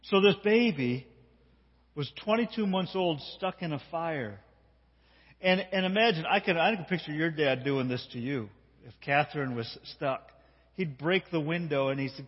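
A man preaching as pastor, telling a story and talking directly to a child and the congregation with animated delivery. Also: fairly high pitch, moderate pace, breathy edge. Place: church sanctuary. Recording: dull sound with long hall reverb.

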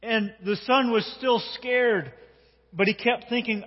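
A man preaching as pastor, telling a story and talking directly to a child and the congregation with animated delivery. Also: very high-pitched, unhurried. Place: church sanctuary. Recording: dull sound with long hall reverb.

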